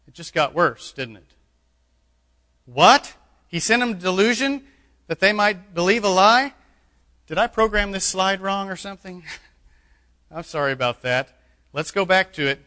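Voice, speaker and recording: Emphatic pastor preaching in an echoey hall. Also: male voice, sits high, lively intonation, measured pace, long pauses, sharp tone. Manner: emphatic, with joking asides. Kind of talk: sermon. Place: church sanctuary.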